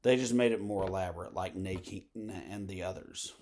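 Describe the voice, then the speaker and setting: Rambling low-voiced man. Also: moderate pace, a little mellow. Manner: meandering, full of fillers and asides. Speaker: vlogger. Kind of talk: rambling monologue.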